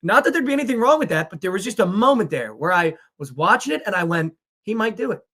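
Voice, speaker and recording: A man in casual podcast chat, telling a story with animated delivery. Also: sits high, quick pace, husky.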